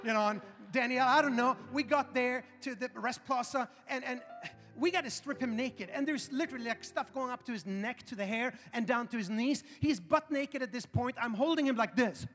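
A pastor in his forties telling a funny story in a sermon, animated and building to loud emphasis. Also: very high-pitched, a little fast. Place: large church auditorium. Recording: reverberant hall with faint music.

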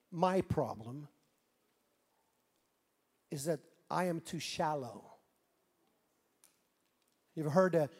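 A man from Sweden with a Swedish accent, preaching a sermon as pastor, animated and swinging between quiet asides and loud preaching. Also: a little high, in a large hall.

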